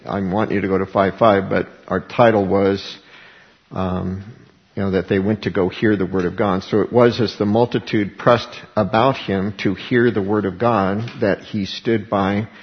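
A man's voice: on the low side, dull audio. A man preaching a sermon as pastor, reading scripture and asking rhetorical questions.

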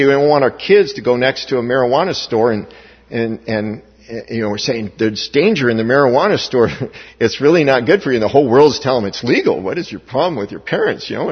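A man's voice: medium pitch, slightly rough. A man preaching a sermon as pastor, with emphatic rising stresses and frequent restarts. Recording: dull, echoey hall recording.

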